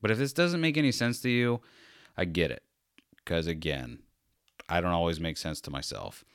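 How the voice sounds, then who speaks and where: A man talks alone into a close microphone for his podcast, tired and meandering, with dry, sarcastic, self-deprecating humor. His voice sits on the low side and sounds smooth and resonant. The recording is dry, with no room sound. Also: animated, moderate pace, dry recording. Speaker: podcast host. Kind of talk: rambling solo podcast talk.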